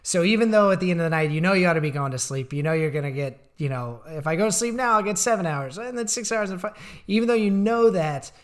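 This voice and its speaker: A man's voice: high-pitched, lively intonation, quick pace, few pauses. A man co-hosting a casual podcast from a makeshift recording setup, talking candidly and with self-deprecation, swearing now and then. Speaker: podcast co-host. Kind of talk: casual chat. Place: makeshift setup in a small town.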